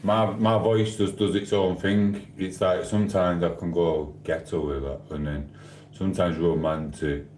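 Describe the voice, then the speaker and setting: Bloke rambling on his live stream, bit low, slangy and jokey, roomy echo. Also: flat delivery, a little slow, a little mellow, a little hiss or hum. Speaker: livestream host. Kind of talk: casual live-stream chat reading comments. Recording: roomy sound with faint ambience.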